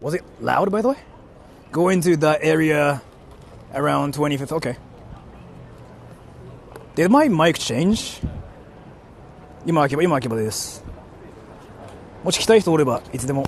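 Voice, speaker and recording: A man's voice: a little high, animated, a little fast, gravelly, pauses often, a little hiss or hum. A young man live-streaming outdoors on a city street, reading chat aloud and rambling with lots of "like". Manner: rambling, heavy use of "like". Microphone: portable streaming mic.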